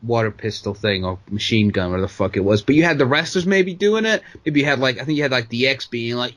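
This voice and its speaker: Male co-host, mid-pitched, loose and profane, riffs with mock quotes. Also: animated, quick pace, few pauses, a bit bright. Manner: loose and sweary, lots of fillers and jokey put-on quotes. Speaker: podcast co-host. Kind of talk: casual chat.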